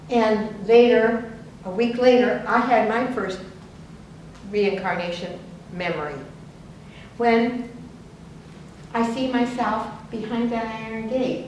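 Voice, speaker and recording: Animated woman storyteller in echoey room. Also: a little high. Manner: lively storyteller, acts out quoted voices, laughs often. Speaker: workshop leader. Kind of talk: personal storytelling at a workshop. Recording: very echoey room, distant mic, faint noise.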